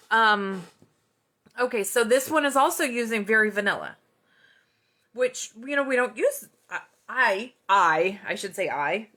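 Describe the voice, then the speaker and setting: A woman's voice: mid-range voice, sharp tone. A woman chatting casually through a card-stamping tutorial at her home craft desk, rambling into self-deprecating asides. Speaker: card-making demonstrator.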